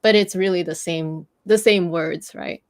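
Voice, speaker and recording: A woman's voice: lowish voice, fairly even intonation, unhurried, a little mellow. Female host with a French Canadian accent; patient, filler-heavy explanations, casual chat. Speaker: host teaching French pronunciation.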